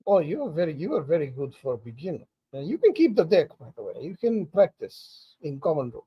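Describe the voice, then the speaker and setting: A man playing a tabletop role-play character, talking in a halting, hesitant way and often searching for words. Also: fairly high pitch, big pitch swings, slightly rough, dull audio.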